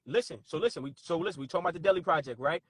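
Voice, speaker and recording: A man hosting a talk stream with callers, speaking in a profane, forceful, preachy way. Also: fairly high pitch, lively intonation, very fast, breathy edge, dry recording. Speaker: host.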